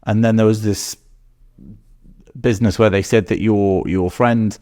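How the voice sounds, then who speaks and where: A man hosting an interview, asking measured questions and summarizing what his guest says. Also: on the low side, fairly even intonation, a little mellow. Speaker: interviewer, host.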